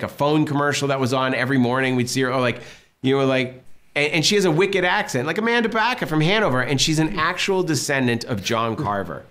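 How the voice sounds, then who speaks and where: A man in his fifties from Massachusetts tells stories in a casual interview. He jumps into other people's lines as he tells them, with a mid-pitched voice. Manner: animated storyteller acting out quotes. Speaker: director being interviewed.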